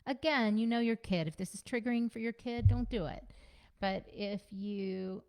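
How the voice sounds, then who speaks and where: A woman giving a casual teaching talk to parents as a parenting coach, conversational and gently instructive, repeating her key points. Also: mid-range voice, moderate pace. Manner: conversational, frequent fillers like "you know" and "like".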